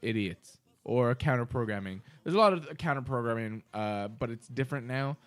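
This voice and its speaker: This is laid-back drinking-podcast banter from a young man co-hosting the show, who sounds tipsy and keeps cursing and laughing. He has a mid-range voice and a moderate pace.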